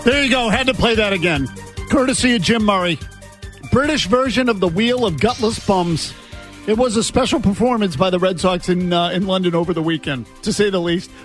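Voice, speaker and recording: A man's voice: sits high, brisk, faint music behind. A man hosting sports talk radio, teasing his co-hosts in a wry manner. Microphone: studio mic.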